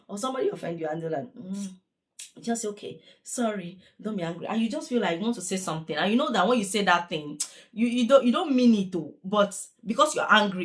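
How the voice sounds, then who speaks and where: Young woman, care worker, earnest and repetitive vlog chatter, slightly low pitch. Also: a bit bright. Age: young adult. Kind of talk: casual vlog chat.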